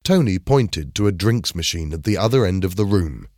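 A man reading a simple story aloud in clear, measured narration. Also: deep voice, expressive, a little mellow, no echo, clean studio sound. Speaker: storybook reader. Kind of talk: scripted narration of a graded reader.

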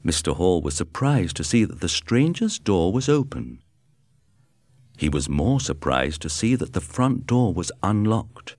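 A man narrates a storybook in a low, measured voice. He reads very slowly, with his pitch rising and falling widely. The recording is close and dry. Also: big pitch swings, darkish tone, no room sound. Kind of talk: scripted narration.

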